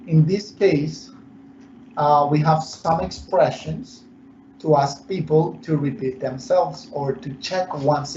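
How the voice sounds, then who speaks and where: Against a noisy background, a native Spanish-speaking man with a slightly high voice teaches an online English lesson. He explains things slowly, moving between English and Spanish, and the room recording sounds echoey and muffled.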